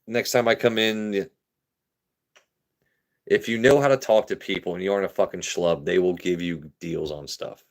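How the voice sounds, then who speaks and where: A man's voice: low-pitched, fairly quick, vocal fry. A young man from Maryland hosting a live stream, chatting casually, swearing and reading chat. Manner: profane, animated, talks to chat. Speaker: livestream host.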